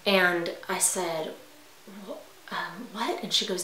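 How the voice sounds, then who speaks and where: A woman recounts a frightening personal story in an animated, dramatic way, sometimes dropping to a hushed whisper for effect. Her voice is bright and forward, a little low for a woman. The room around her is echoey. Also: normal speed. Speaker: vlogger telling a personal story. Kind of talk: casual storytime.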